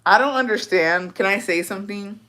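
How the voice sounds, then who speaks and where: A woman's voice: mid-range voice, fairly quick, pushed and bright. A young woman hosting a casual gossip chat, ranting with plenty of swearing and rhetorical questions. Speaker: host.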